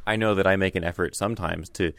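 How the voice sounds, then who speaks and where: Deep, gravelly-voiced interview host. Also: male voice, steady tone, fast talker, fairly bright tone, no room sound. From Boston area. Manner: plain, conversational questioning. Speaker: radio show host. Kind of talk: interviewing a guest.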